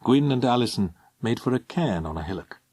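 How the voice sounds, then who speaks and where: Expressive male audiobook narrator. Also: mid-range voice, breathy edge, no echo. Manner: measured, expressive. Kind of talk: scripted narration.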